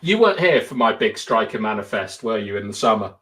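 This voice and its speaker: A man's voice: fairly low pitch, sing-song, a little fast, a bit bright. A young man co-hosting a casual football podcast, explaining tactics at length and thinking aloud with lots of fillers. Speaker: podcast co-host.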